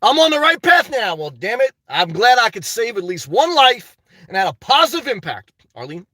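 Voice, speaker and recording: A man's voice: very high voice, big pitch swings, normal speed, bright, forceful tone, no echo, distant mic. A man hosting a livestream, reading the live chat in a chatty way and often tagging on "okay". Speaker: livestream host. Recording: dry sound, voice away from mic.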